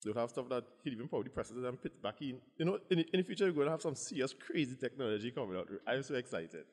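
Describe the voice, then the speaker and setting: Trinidadian man, animated storyteller, husky, long reverb. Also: mid-range voice, racing. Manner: animated, acts out quotes. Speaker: guest, bodybuilder. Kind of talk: casual storytelling.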